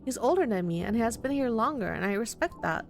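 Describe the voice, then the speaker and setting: A woman's voice: on the high side, very animated, fast talker, creaky, faint music behind. A woman voicing an earnest, worried young man in a visual novel. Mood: upset. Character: earnest, anxious young man in his twenties.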